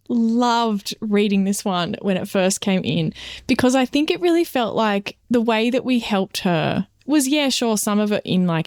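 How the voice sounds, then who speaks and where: A woman's voice: medium pitch, a little mellow, no echo, studio quality. An Australian woman co-hosting a podcast as an interview coach, chatting casually and rambling with lots of fillers.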